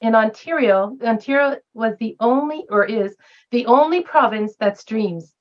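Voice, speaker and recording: A woman's voice: on the high side, measured pace, muffled recording. A retired woman professor speaking as a guest in a round-table discussion, emphatic and posing rhetorical questions.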